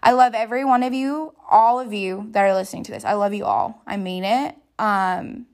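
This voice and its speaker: A woman's voice: medium pitch, expressive, normal speed. A young woman from Florida hosts a casual podcast. She talks in a loose, chatty way with plenty of fillers and frequent laughter. Her voice sits in a middle range. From Florida, United States. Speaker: podcast host, new comedian.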